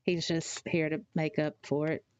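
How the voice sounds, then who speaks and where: A woman from Tennessee, chatting casually on a live stream, rambling and halting with fillers as she reads out chat messages. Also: low voice, little pitch movement, darkish tone, clean tone, no room sound, dull audio. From Tennessee, USA.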